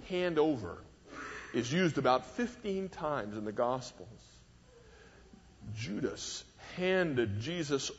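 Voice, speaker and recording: A man preaching a sermon, measured and emphatic, leaning hard on key words with wide rises and drops in pitch and volume. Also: breathy edge. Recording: dull lo-fi recording with long hall reverb.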